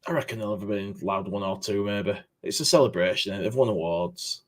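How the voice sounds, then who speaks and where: A man guesting on a casual football podcast, full of quick jokes. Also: on the low side. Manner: joking, quick quips.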